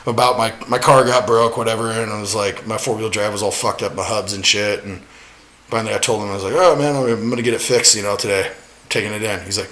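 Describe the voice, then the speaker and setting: Guy ranting about his old boss on a podcast, swears every other word, gets loud in the stories. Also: fairly low pitch, quick pace. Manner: heavy swearing, animated storytelling. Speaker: podcast guest. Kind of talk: casual podcast chat.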